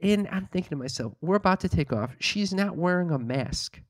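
A man's voice: high-pitched, lively intonation, brisk, dry recording. Man, casual chat, profane, exasperated, mocking quotes, dry close sound.

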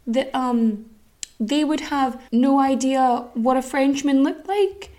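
Young woman podcaster rambling through a history story, a bit high, swears a lot, cracks jokes. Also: darkish tone. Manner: chatty, swears, quick asides and jokes. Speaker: podcast host.

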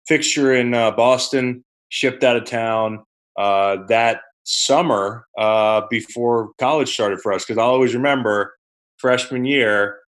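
A man's voice: medium pitch, measured pace, fairly bright tone. A man co-hosting a sports podcast, rambling in casual, conversational chat.

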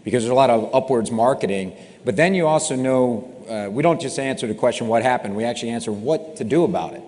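A middle-aged man who founded a cybersecurity company answers interview questions in a relaxed, explanatory way with dry self-deprecating humor. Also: mid-range voice, fast talker, big-room sound.

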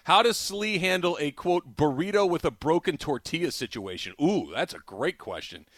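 A man's voice: a little high, lively intonation, moderate pace, fairly bright tone, dry recording, clean studio sound. A middle-aged man hosting a talk radio show, telling stories animatedly and laughing often. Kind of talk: casual talk radio banter.

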